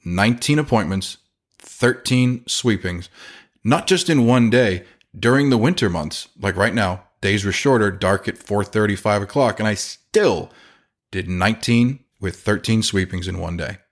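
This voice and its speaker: A man who runs a chimney sweep company talks casually on a podcast in a voice on the low side, at a measured pace. He is an animated storyteller, acting out the people in his stories and their quotes.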